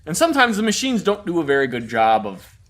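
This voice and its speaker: A man's voice: on the high side, fast. A man who served in the military, telling stories in a casual chat and laughing often as he talks. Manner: animated, laughs often mid-story. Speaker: military veteran storyteller.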